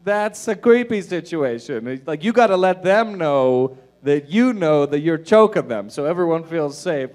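A male comic on a club stage, speaking into a handheld mic with a slightly high voice. He drops into quiet, deadpan asides and then comes back loud for the punchline, over a low mains hum. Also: unhurried. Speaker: stand-up comedian. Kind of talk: stand-up set.

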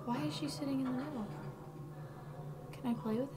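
A woman playing a video game with her sister, loud and swearing, tossing playful insults. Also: high voice, fairly quick. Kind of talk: casual gaming banter. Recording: noisy home capture.

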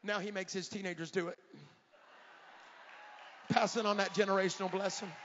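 A middle-aged man, an evangelist, preaching a fiery revival sermon in a large church, often shouting and counting down. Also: high voice, flat delivery, normal speed, a little hiss or hum. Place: large church sanctuary at a conference. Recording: echoey church hall, dull lo-fi sound.

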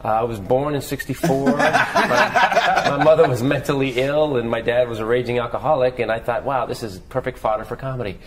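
A man in his forties, a comedian guest telling stories in an interview, animated and acting out quotes. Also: mid-range voice, over a noisy crowd, poor audio. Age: 40s. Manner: fast, animated, acts out quotes. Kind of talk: storytelling interview.

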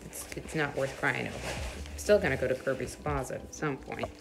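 A woman's voice: very deep voice, normal speed, gravelly. A woman vlogging in a casual, chatty way, thinking aloud as she goes. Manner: chatty, thinks aloud, drops to a whisper at times. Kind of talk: casual vlog chat. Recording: echoey room with music behind.

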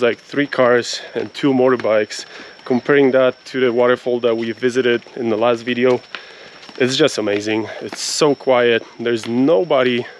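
On a trail near a waterfall, a man with a medium-pitched voice narrates a casual travel vlog into a handheld camera. He's chatty and upbeat and laughs often. The audio is poor, with slight background noise.

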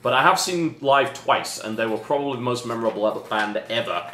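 A British man hosting a casual unboxing chat with dry, deadpan sarcastic humor. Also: medium pitch, fairly quick. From Britain. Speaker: host. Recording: roomy echo with faint noise.

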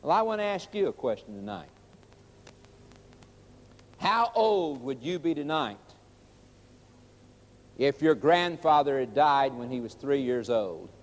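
A man preaching a sermon emphatically, repeating lines and stretching key words slowly. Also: medium pitch, animated. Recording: long reverb of a large hall.

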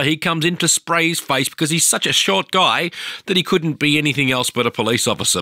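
A man's voice: mid-range voice, sharp tone, no room sound, clean studio sound. A middle-aged man with an Australian accent, giving angry, profane commentary over protest footage. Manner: profane, ranting. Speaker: video commentator.

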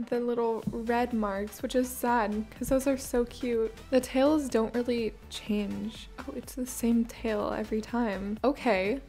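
A woman with a somewhat high voice talks through her game in a loose, bubbly ramble, often amused by her own remarks. She speaks close to a desktop microphone while soft game music plays in the background. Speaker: gaming channel host. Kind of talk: casual gameplay commentary. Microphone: desktop USB microphone.

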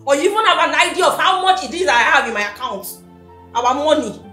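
A woman's voice: sits high, expressive, fast, bright, forceful tone, echoey room, soft background music. An actress playing a scornful, sarcastic young woman with a Nigerian accent, scolding her idle boyfriend.

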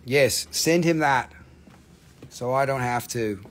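A man's voice: medium pitch, takes it slowly. A man hosting a live stream that sells minerals, talking casually with lots of swearing, ranting and then joking.

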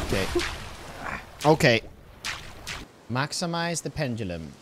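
A man's voice: medium pitch, sing-song, measured pace, pauses often, background noise. A man giving casual let's-play commentary, exasperated and swearing as he pleads with his game character. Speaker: gaming video host.

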